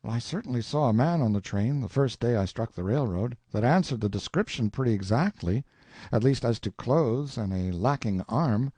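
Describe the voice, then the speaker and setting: A man's voice: mid-range voice, expressive, normal speed, mellow, no room sound, natural voice. A man voicing an earnest, eager young man who speaks plainly and trustingly.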